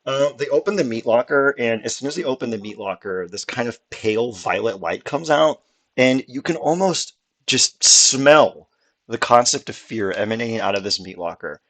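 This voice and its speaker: A man narrating as game master, improvising grotesque scenes with animated, laughing delivery. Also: mid-range voice, moderate pace.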